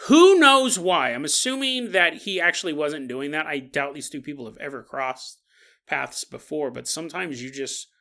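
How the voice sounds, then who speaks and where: Bright, high-voiced man telling a story. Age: 40s. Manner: rambling, self-correcting, chuckles through stories. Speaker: podcast host. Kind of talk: casual podcast storytelling.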